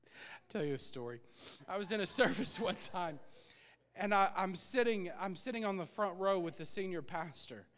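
Guy preaching, high voice, laughs a lot and gets really animated, big church hall echo. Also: normal speed. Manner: animated, laughing often, acts out his own prayers. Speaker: pastor. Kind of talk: sermon. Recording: long reverb of a church hall.

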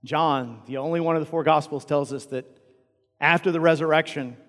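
Male pastor, sermon, loud then hushed, slightly high voice, long reverb in a large hall. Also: fairly even intonation, fairly quick. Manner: impassioned, swings from loud to hushed. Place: church auditorium.

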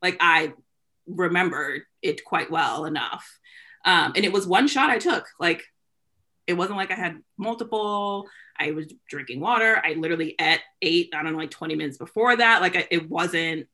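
A woman's voice: on the low side, animated, normal speed, sharp tone. A young adult woman in casual podcast chat, rambling with casual slang.

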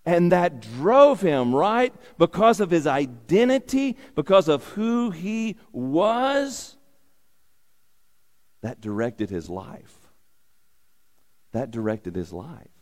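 A man's voice: a little high, very animated, takes it slowly, a little mellow. A man preaching a sermon as a pastor, repeating key phrases for emphasis and asking rhetorical questions. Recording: long hall reverb.

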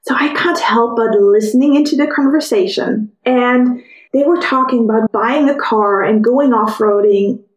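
A woman with a fairly high voice tells a personal story on her podcast. She is lively and acts out what other people said. Her voice sounds echoey, as if she is in a bare room. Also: normal speed. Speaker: podcast host.

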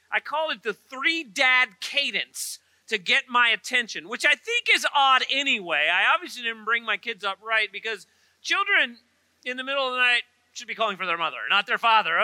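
A man's voice: extremely high pitch, sharp tone, no echo, poor audio. A middle-aged man, preaching a sermon in a church with humorous storytelling and chatty asides. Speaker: pastor. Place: church auditorium.

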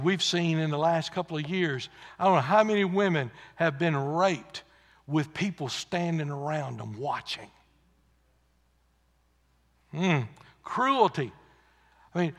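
A man's voice: fairly high pitch, a little slow, pauses often. Impassioned preacher man, church reverb. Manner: impassioned, swinging between loud emphasis and hushed asides. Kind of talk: sermon.

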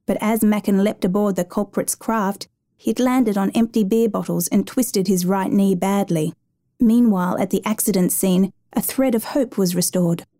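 With a mellow, warm, mid-pitched voice, a woman narrates a real-life rescue drama. She reads in a steady, even, measured way.

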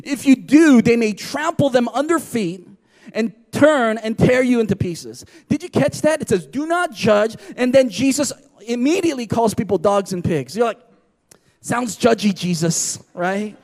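A man's voice: extremely high pitch, lively intonation, moderate pace, darkish tone. A man preaching a sermon in an emphatic style, often asking his listeners "right?". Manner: emphatic, repeats "right?" to the audience. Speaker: pastor.

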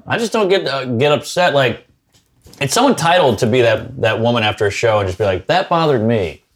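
A man's voice: medium pitch, animated, a little fast. Wry man riffing in conversation. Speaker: comedian guest. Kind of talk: casual chat.

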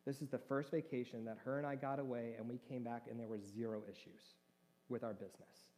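A man's voice: medium pitch, steady tone, a little fast, mellow. A man preaching a conversational sermon, joking with his congregation. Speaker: pastor. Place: church hall. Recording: reverberant church hall.

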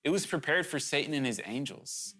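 A man's voice: a little high, expressive, fairly quick, sharp tone. A man preaching a sermon to his congregation, earnest and urgent, talking conversationally with candid asides and sudden emphatic rises.

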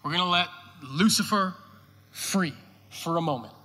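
A male pastor preaching a sermon in a church, animated and joking, firing off rhetorical questions. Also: fairly high pitch, normal speed, a little hiss or hum. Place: church sanctuary. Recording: reverberant church hall.

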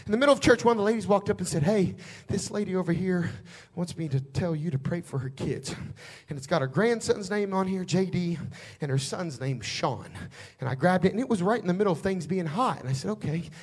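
A preacher with a notably high male voice tells a homespun church story in a conversational drawl. His delivery swings from low, easy storytelling up to fervent, shouting declarations. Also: expressive, fairly quick, hardly any pauses, slightly rough. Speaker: pastor. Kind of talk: storytelling sermon.

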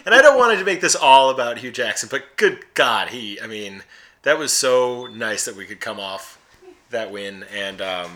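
Bright-voiced man, loose fan chatter. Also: medium pitch, expressive, unhurried. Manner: loose, profane, rambling fan talk. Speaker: podcast co-host. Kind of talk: casual sports chat.

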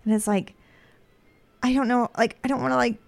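A woman's voice: fairly high pitch, fairly even intonation, a little fast, creaky, no room sound. A woman in her thirties co-hosting a podcast, chatting casually and laughing often as she tells stories. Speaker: podcast co-host. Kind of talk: casual chat.

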